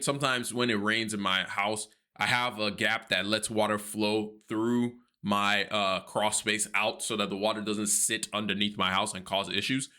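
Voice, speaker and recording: Bright-voiced man telling a story. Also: mid-range voice. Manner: animated, acts out his own panic and prayers in quotes; earnest, devout. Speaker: personal finance vlogger. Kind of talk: personal storytelling monologue.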